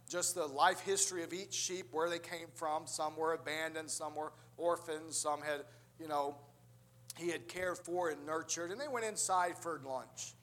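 A man's voice: a little high, fairly bright tone. A man preaching a sermon, telling a story and acting out the voices of the people in it.

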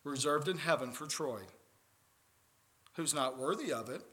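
A man's voice: a little high, a little slow, fairly bright tone, breathy edge. A man preaching a sermon as pastor, earnest and building to emphatic peaks.

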